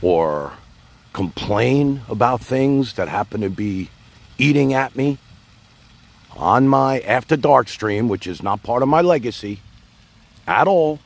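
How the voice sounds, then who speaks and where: A man's voice: mid-range voice, gravelly. A man hosting his own livestream, rambling casually and talking straight to his chat. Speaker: livestream host.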